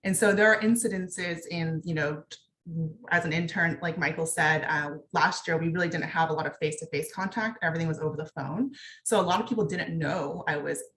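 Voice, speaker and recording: A woman's voice: low-pitched, a little fast, a bit bright, echoey room, a little hiss or hum. A young woman from Texas, a veterinarian speaking candidly on a panel, with lots of fillers. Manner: candid, conversational, many fillers. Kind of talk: panel discussion, personal account.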